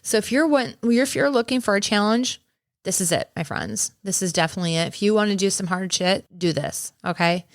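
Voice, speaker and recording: A woman hosting a running podcast on her own, hoarse after losing her voice, talking in a chatty, enthusiastic way with casual swearing. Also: medium pitch, fairly quick, dry recording, clean studio sound. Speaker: podcast host and race director. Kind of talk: casual solo podcast talk.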